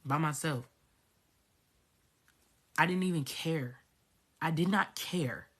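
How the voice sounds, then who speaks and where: A woman's voice: low voice, takes it slowly, a bit bright, breathy edge. A woman coach telling a personal story to her viewers, emphatic and profane, repeating herself for effect. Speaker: spiritual coach. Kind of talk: candid storytelling vlog.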